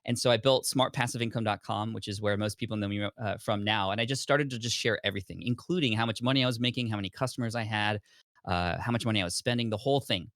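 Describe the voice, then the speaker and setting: A man in his thirties, a podcast guest, telling his story in a lively way and acting out his past self. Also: on the low side, fast, dry recording, studio quality. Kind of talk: storytelling in conversation.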